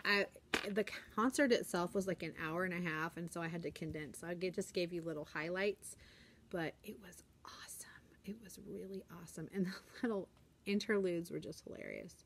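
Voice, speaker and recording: A woman's voice: brisk, a little hiss or hum. Chatty woman teacher vlogging in class. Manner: chatty and upbeat, acts out kids in a high voice. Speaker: elementary school teacher. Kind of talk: casual classroom vlog chat. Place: classroom, indoors.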